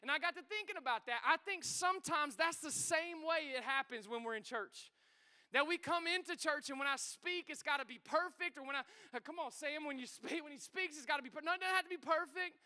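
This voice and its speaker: A male pastor, preaching a sermon in a church in an excitable, energetic, joking way. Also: very high voice, fairly quick. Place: church sanctuary.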